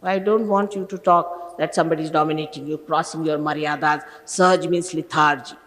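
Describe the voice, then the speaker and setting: A woman's voice: sits low, steady tone, brisk, fairly bright tone, in a large hall, low-quality recording. A woman in her sixties, a spiritual teacher sternly scolding a gathering of followers with exasperated rhetorical questions, on an archival talk recording. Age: 60s.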